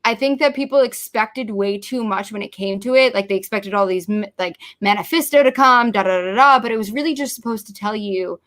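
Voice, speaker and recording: A young woman chatting casually as a guest, animated, swearing freely and acting out her own quoted lines. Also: medium pitch, a little fast, hardly any pauses. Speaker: podcast host guest. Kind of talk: casual chat.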